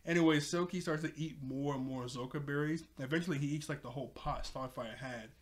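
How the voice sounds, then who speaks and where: A man talks through a cartoon episode in a loose, rambling recap, often stopping to correct himself. His voice sits a little high, and his delivery stays offhand and easygoing. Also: a little fast. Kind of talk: casual recap.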